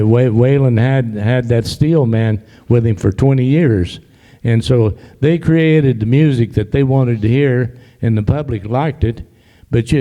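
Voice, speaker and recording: A man's voice: medium pitch, warm tone. An older man, an audience member giving rambling, folksy remarks with many restarts. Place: library event hall. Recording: long hall reverb.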